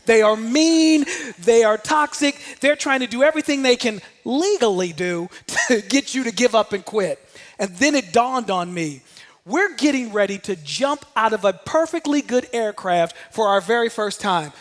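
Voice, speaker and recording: Male motivational speaker, high-pitched, lively storytelling, long hall reverb. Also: moderate pace, faint music behind. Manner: animated storyteller, shouts out quoted commands. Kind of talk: motivational talk telling a personal story.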